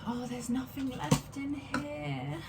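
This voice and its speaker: Woman, twenties, casual rambling chat, curses freely, somewhat high-pitched. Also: level tone, takes it slowly, vocal fry, very noisy. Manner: rambling, chatty, swears freely. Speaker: beauty vlogger. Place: home, getting ready at a mirror.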